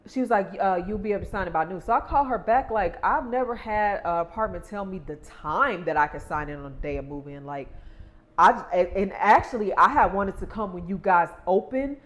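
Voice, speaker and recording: A woman's voice: medium pitch, moderate pace, fairly bright tone. A young adult woman vlogging, casually retelling a stressful moving story and acting out the quoted exchanges.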